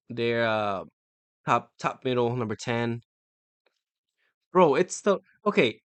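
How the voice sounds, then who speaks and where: A man's voice: mid-range voice, fairly bright tone, no echo. A young man streaming himself taking a football quiz, muttering to himself and swearing when he gets stuck. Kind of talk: live-stream quiz commentary.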